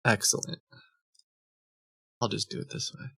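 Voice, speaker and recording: A man's voice: measured pace, a bit bright, dry recording. Rambling streamer man, dry close mic. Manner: rambling, self-interrupting, laughs often. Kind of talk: casual live-stream chat.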